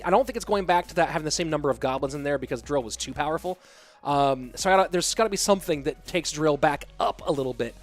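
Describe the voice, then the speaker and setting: A man hosting an esports stream, casting games in quick play-by-play and joking with the chat. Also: fairly high pitch, no room sound. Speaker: esports caster and stream host. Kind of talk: live game commentary and chat reading.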